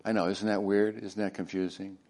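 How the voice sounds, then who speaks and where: A male pastor preaching in a somewhat low voice. He swings from loud, emphatic lines down to hushed near-whispers. He drops folksy jokes and questions to the congregation along the way. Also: level tone, fairly quick. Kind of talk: sermon.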